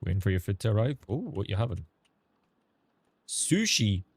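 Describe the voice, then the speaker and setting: A man's voice: on the low side, sing-song, normal speed, breathy edge, dry recording. A man streaming a game, chatting casually with viewers in a sarcastic tone and swearing freely.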